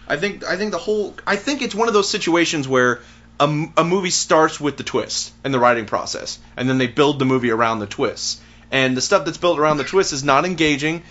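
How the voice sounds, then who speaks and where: A man's voice: fairly high pitch, animated, fairly quick, fairly bright tone. A man co-hosting a casual movie review podcast, ranting bluntly and swearing. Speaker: podcast co-host. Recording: dull lo-fi recording.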